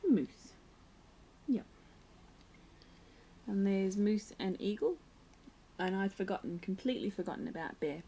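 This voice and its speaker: A woman's voice: medium pitch, animated, unhurried, pauses often, mellow, slightly rough, low-quality recording. A young woman vlogging at home, chatting casually as she shows and reads from a children's picture book, full of playful asides.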